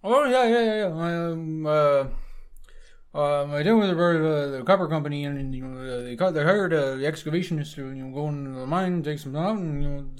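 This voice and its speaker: A man's voice: a little high, brisk, clear, resonant tone, pitched above the performer's own voice, natural voice. A man voicing a folksy old sailor with a thick Upper Midwest accent and an exaggerated drawl. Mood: eager.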